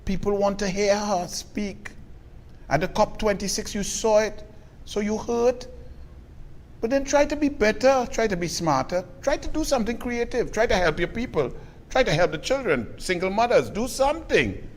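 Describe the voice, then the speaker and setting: Trinidadian host, biting emphatic rant, fairly high voice, long reverb around it. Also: male voice, lively intonation, normal speed. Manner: scathing, mocking, emphatic. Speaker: political commentator host. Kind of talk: political commentary rant.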